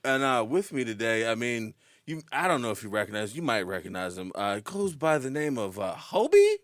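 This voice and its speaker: A man's voice: medium pitch, big pitch swings, a little fast, dry recording, studio quality. A man hosting a comedy podcast in casual chat, who laughs often and jokes crudely. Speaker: podcast host.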